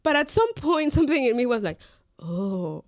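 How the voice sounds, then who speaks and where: A woman's voice: high-pitched, very animated, fast, no room sound, studio quality. A woman co-hosting a podcast, telling an embarrassing story in casual chat, laughing often and slipping into Spanish phrases. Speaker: podcast co-host.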